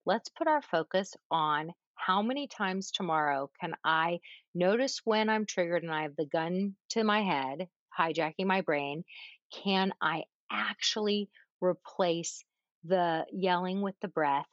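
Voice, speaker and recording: A woman parenting coach giving advice in casual conversation, animated, demonstrating calming breaths with audible sighs. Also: lowish voice, unhurried, no echo, highs cut off.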